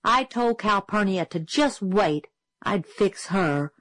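A woman reading a novel aloud as an audiobook narrator, steady and clear. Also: medium pitch, slow pace, dry recording, rough recording. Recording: dry close studio sound.

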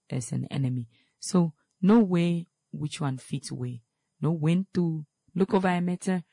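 Male talk host, gravelly, earnest and repetitive advice delivery, dry close sound. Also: a little high, dark tone, no room sound. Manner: earnest and repetitive, stressing key points; quotes scripture, then explains it plainly.

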